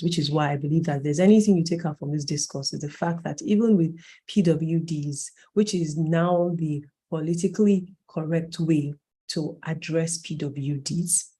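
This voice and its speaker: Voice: medium pitch, dark tone. A facilitator in their late thirties, lecturing a training cohort in a conversational way, stressing key points and correcting themselves mid-sentence. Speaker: workshop facilitator.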